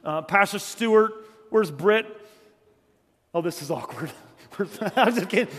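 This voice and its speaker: A middle-aged man from South Carolina preaching from a church stage, with a voice that sits high for a man. He talks in a loose, joking way, and his words ring out with a long hall reverb behind them. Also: moderate pace. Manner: joking, conversational, swings from loud storytelling to quiet earnest. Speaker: guest preacher. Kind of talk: humorous storytelling sermon. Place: church sanctuary.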